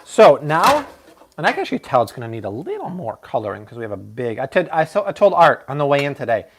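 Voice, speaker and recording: A man's voice: medium pitch, wildly swooping pitch, fast talker, breathy edge. A man hosting a live cooking show from his kitchen, chatty and playful as he talks through each step and jokes with viewers. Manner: chatty and playful, joking with the chat. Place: home kitchen.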